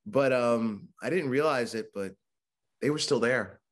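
A man who works as a mental health speaker talks candidly about his own life in a podcast interview, acting out the voices he quotes. He has a mid-range voice and a measured pace, keeping things conversational.

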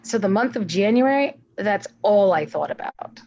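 A woman's voice: medium pitch, animated, normal speed, darkish tone, muffled recording. A woman giving an earnest personal testimony as an interview guest, acting out her own prayers aloud.

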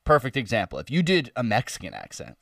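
A man's voice: medium pitch, creaky, no echo. Guy in his 20s, casual podcast banter, swears a lot, kinda far from the mic, dry room. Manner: animated, swearing, quick asides. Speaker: podcast co-host. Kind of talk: casual chat.

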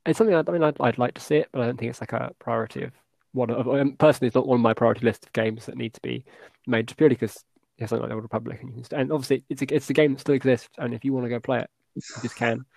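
Fast-talking gravelly man chatting. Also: medium pitch, steady tone, a little mellow, no room sound. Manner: rambling, with many restarts and fillers. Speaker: podcast co-host. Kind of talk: casual podcast chat.

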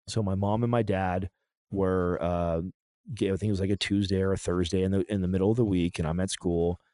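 A man talking through a painful personal story in a halting, emotional way, often restarting his sentences. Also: sits low, a little mellow, no room sound. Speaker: podcast guest.

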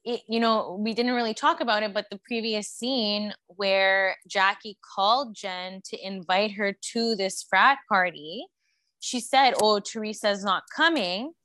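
A woman's voice: medium pitch, unhurried, pushed and bright, no echo. A woman co-hosting a pop culture podcast, agreeing and adding her own take on a reality show episode. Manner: agreeable, chimes in with short backing remarks. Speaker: podcast co-host. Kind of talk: casual chat recapping reality TV.

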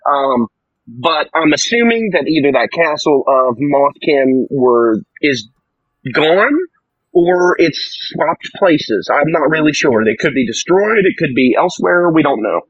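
A man's voice: a little high, animated, measured pace, slightly rough, highs cut off. A man playing a tabletop game, telling what his character did in a rambling, joking way, often correcting himself. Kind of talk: casual actual-play chat.

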